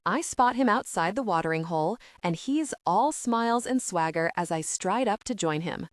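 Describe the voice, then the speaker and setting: A woman narrating a first-person audiobook in an expressive, upbeat storytelling manner. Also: medium pitch, normal speed, no room sound, clean studio sound.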